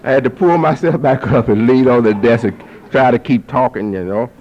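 A man preaching to an audience, who repeats phrases for emphasis and climbs to forceful peaks. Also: mid-range voice, moderate pace, slight background noise. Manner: lively, rising to forceful peaks. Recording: dull lo-fi recording.

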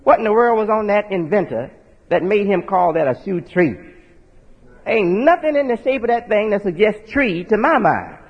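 A man's voice: sits high, expressive, moderate pace, breathy edge. A man teaching in a folksy sermon style, spelling out words and often checking in with his listeners. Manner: folksy, rhetorical asides ending with "right?". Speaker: preacher. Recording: dull lo-fi audio with long hall reverb.

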